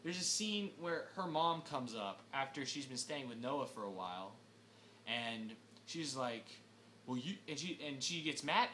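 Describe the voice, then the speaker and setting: A young man ranting through a film review, exasperated and animated, breaking into sudden shouts. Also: medium pitch, a little hiss or hum. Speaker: movie reviewer.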